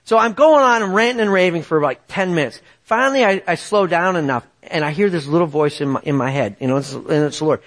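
Speaking fast with few pauses and a fairly high pitch, a middle-aged man preaches. His sermon centers on a personal story told with animation, and he often checks in with the congregation.

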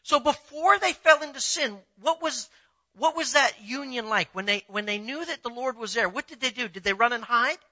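A man preaching a sermon in a conversational, animated way, asking his listeners rhetorical questions. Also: very high voice, moderate pace. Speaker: pastor. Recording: dull lo-fi sound.

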